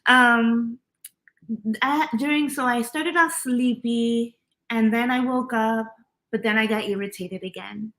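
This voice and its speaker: A woman's voice: fairly high pitch, steady tone, slow pace, a bit bright. A woman hosting a tarot reading livestream, chatting casually, laughing often and greeting viewers by name.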